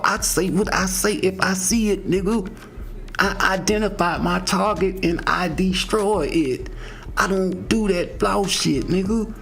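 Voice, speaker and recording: A middle-aged man ranting in a swaggering, profane way, swinging between low mutters and high yelps. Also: creaky. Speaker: boxing opinion vlogger. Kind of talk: casual profane rant.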